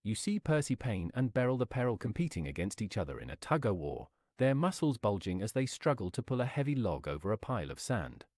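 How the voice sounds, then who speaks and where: A man reading an interactive adventure story aloud in a lively, sing-song storytelling manner. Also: fairly low pitch, a little fast, hardly any pauses, no echo.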